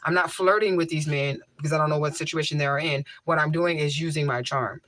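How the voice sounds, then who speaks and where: This woman runs a casual livestream, reading viewer comments and replying bluntly, with repetition for emphasis, through a mic covered by a homemade tissue filter. She talks fast in a low-pitched, fairly even, slightly bright voice, with no room sound.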